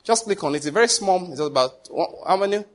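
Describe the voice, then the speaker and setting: A man's voice: high-pitched, animated, fast talker. A man preaching a sermon as pastor, emphatic, full of rhetorical questions and pidgin asides.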